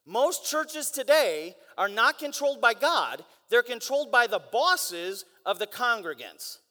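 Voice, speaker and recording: A young man giving an energetic guest sermon in a church, driving his points with rhetorical questions and mock voices. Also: extremely high pitch, unhurried. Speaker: guest preacher. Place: large church hall. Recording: long church hall reverb.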